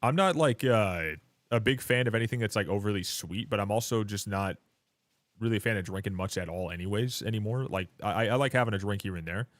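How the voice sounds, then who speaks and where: A man's voice: fairly low pitch, fast, dry recording, studio quality. Swearing, rambling male game streamer. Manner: loud, hyped bursts when thanking viewers. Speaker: live streamer. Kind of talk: casual live-stream chat while gaming.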